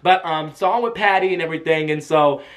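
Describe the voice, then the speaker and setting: A man telling an excited storytime vlog, animated, breaking into shouts as he talks. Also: on the high side, quick pace. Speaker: vlogger.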